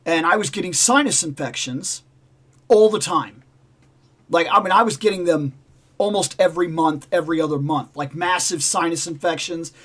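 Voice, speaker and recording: A man hosts a casual livestream and tells a long personal story. His voice sits a little higher than most men's. He rambles and repeats himself, slipping into the voices of the people in his story. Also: normal speed, a bit bright. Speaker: livestream host.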